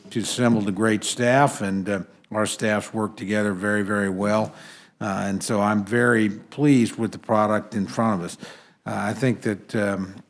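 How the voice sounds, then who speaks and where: A man with a slightly low voice addresses a committee in a hearing room. He speaks earnestly and at a measured pace, with frequent "uh" pauses between phrases. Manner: measured, many "uh" fillers, earnest. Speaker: congressman testifying at a committee hearing. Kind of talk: formal committee remarks.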